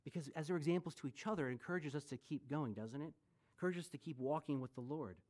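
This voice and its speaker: A man's voice: fairly high pitch, quick pace, a little mellow. A man in his forties preaching a sermon as pastor, conversational, with joking asides and rhetorical questions. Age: 40s.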